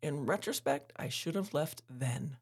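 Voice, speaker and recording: A woman's voice: low-pitched, animated, measured pace, husky. A woman hosting a podcast, telling a candid story in a frank, casual way and laughing often. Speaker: podcast host.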